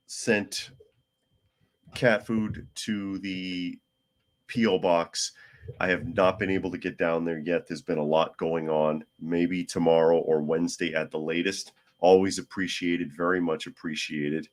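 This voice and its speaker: A hoarse man hosting a casual news talk podcast, chatty with wry asides. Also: low-pitched, steady tone, unhurried, a little mellow. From United States. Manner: chatty, wry asides, talks to his cat. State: hoarse from a cold. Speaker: podcast host.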